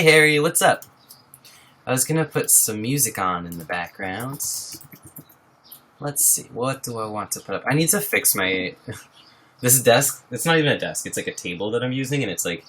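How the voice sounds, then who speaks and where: A bubbly young man hosts a casual live stream from his home, speaking into a laptop microphone. His pitch sits in the middle, but his voice swoops up and down with lively energy as he cheerfully greets viewers. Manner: bubbly, greets viewers by name, laughs often. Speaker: livestreamer. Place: home, at a wobbly table.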